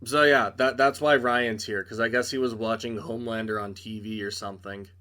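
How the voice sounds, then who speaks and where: Sarcastic young man with a bright voice. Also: fairly low pitch, steady tone, brisk. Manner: sarcastic, exasperated, dismissive asides. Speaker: TV reviewer. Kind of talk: casual sarcastic review recap.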